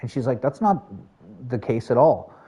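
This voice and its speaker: A man's voice: medium pitch, expressive, moderate pace, mellow, slightly rough, muffled recording. A young man hosting his own live stream, chatting to viewers in a loose, rambling way. He circles back and repeats himself as he talks. His voice sits in an ordinary middle register for a man. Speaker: livestreamer. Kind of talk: casual chat with viewers.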